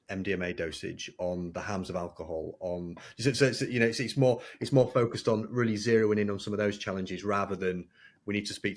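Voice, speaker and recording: A man hosting an interview podcast, framing his questions thoughtfully and carefully. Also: on the low side. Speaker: podcast host.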